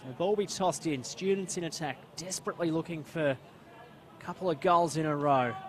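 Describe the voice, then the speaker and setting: A man with an Australian accent calling live football play-by-play, quick and rising to shouts at big plays. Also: on the high side, crowd noise. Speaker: play-by-play commentator. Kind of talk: live sports commentary.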